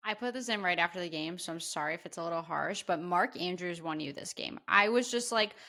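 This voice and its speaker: A woman's voice: on the low side, quick pace, pushed and bright. A woman co-hosting a sports podcast, giving emphatic, slightly apologetic game analysis. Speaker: podcast co-host. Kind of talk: casual sports chat.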